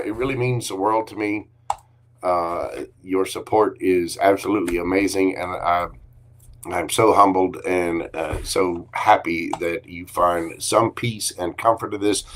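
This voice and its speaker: A man with a slightly low voice reads tarot cards live for his viewers. He is upbeat and encouraging and breaks into frequent exclamations as he reads. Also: a bit bright. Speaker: tarot card reader.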